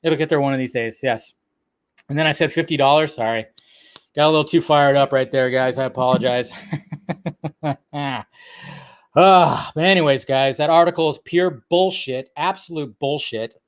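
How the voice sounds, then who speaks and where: A man hosting his own live stream, speaking at a fairly high pitch. He rants in an excitable way, swears freely and laughs off his own slips. It sounds like a home desk microphone. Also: moderate pace, pauses often, clear, resonant tone. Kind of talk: ranting live-stream commentary.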